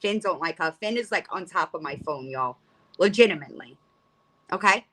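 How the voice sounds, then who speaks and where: A woman's voice: lowish voice, lively intonation, normal speed, fairly bright tone. A middle-aged woman hosting a livestream, ranting bluntly and profanely and rambling with frequent restarts. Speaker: livestream host. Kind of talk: casual livestream rant.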